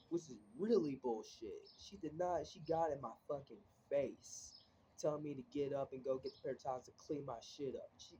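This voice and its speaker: A man's voice: on the high side, a little fast, dark tone, slight background noise. A teenage boy venting in a casual vlog, rambling with constant filler words and swearing, sounding frustrated as he talks into his phone. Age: teens. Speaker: vlogger. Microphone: phone camera, looking down at it.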